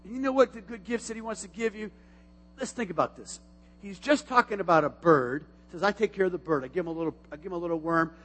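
A middle-aged pastor's high, ringing voice fills a church sanctuary with long hall reverb as he delivers a quick-paced sermon over faint music. Animated throughout, he swings from near-whispered asides to loud outbursts.

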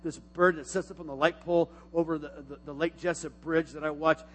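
A middle-aged pastor preaching a sermon in a church, swinging from hushed asides to loud exclamations. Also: male voice, on the high side, little pitch movement, fairly quick. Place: church sanctuary. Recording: long reverb of a large church hall.

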